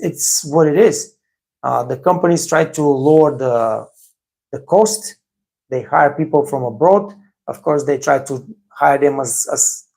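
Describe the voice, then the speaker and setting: A Bulgarian man with a Bulgarian accent hosts a live stream for waiters, handing out blunt, casual advice, repeating himself often and leaning on many fillers. His pitch is fairly high, his tone darkish, and his voice shows vocal fry.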